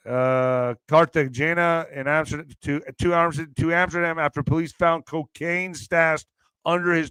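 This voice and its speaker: A man hosting a casual news commentary show, joking, swearing and laughing often, with loud bursts of emphasis. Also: on the high side, gravelly, clear, resonant tone, no echo. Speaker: show host.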